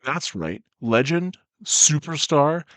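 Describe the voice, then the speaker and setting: A man voicing an earnest male orc police officer who speaks in a steady, businesslike way. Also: fairly high pitch, takes it slowly, dry recording, studio quality, heavily acted. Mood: indignant.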